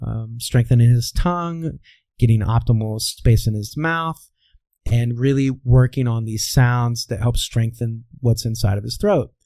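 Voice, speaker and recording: A man's voice: medium pitch, warm tone, dry recording. A man from Kansas, working as a voice coach, talking through stories in an interview and often checking in with "all right". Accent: Midwestern American, softened. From Kansas, USA. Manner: explains with anecdotes, says "all right" often. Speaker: voice coach guest. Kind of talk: conversational interview.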